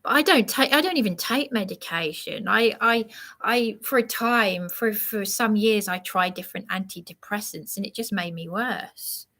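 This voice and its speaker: A medium-pitched woman with a fairly bright tone delivers a rambling, preachy live monologue, sounding aggrieved as she slowly and haltingly addresses a commenter.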